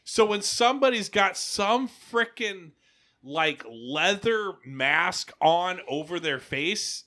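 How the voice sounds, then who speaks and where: A man's voice: high voice, lively intonation, takes it slowly, pushed and bright. A man co-hosting a podcast in casual chat, teasing the others with provocative questions and laughing often. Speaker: podcast co-host.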